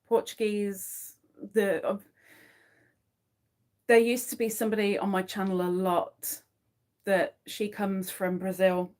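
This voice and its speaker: A woman talks at an unhurried pace as she crochets live, chatting easily with her viewers. Her pitch sits in the middle of the range, and she quietly counts stitches under her breath between remarks. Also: little pitch movement. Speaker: crochet livestream host. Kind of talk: casual chat to a live audience while crocheting.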